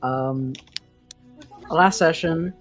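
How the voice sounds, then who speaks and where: A man's voice: fairly high pitch, very slow, a bit bright. Hesitant male game master, faint music behind. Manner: hesitant, filler-heavy recap. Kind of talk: recapping a tabletop game session.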